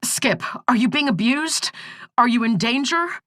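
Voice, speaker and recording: A woman's voice: on the high side, expressive, measured pace, sharp tone, no room sound, studio quality, voice pushed up. A woman voicing an anxious older sister. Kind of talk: audiobook character voice.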